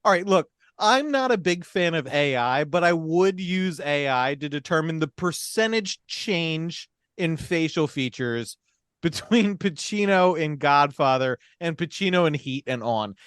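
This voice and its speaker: A man's voice: on the high side, animated, measured pace, fairly bright tone, clear, resonant tone, no room sound, studio quality. A man co-hosting a casual film podcast, talking emphatically with swearing and laughs while recapping a plot. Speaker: podcast co-host.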